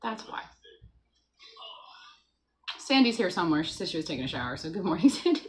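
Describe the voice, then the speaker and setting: A woman's voice: lowish voice, sing-song, fairly quick, a little hiss or hum, rough recording. Chatty woman hosting a morning livestream. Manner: chatty and playful, greeting viewers by name. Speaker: livestream host. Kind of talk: casual morning livestream chat.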